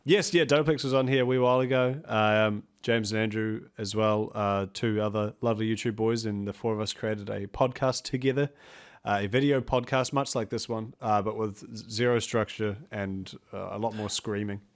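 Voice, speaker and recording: A man's voice: lowish voice, steady tone, moderate pace. A man with a New Zealand accent, a podcast guest chatting casually, rambling and swearing freely with frequent laughs.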